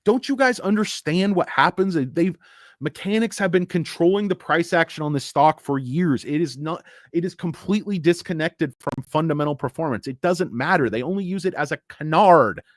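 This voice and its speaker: A man's voice: a little high, normal speed, no room sound, clean studio sound. A middle-aged man hosting a casual livestream, rambling and cursing as he rants and reads chat. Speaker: stock livestream host.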